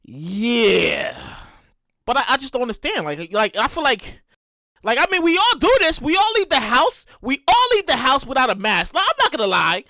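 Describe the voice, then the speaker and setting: Speaking at a moderate pace in a slightly high voice, a woman runs her own podcast with a profane, ranting, casual monologue. She tells her stories with lots of animation, and the sound is clean studio audio without echo.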